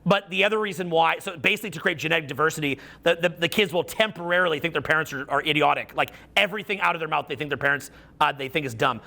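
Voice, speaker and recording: A man's voice: fairly high pitch, fast talker, gravelly, sharp tone. A middle-aged man giving a live seminar talk as a social skills coach, telling profane stories full of acted-out quotes.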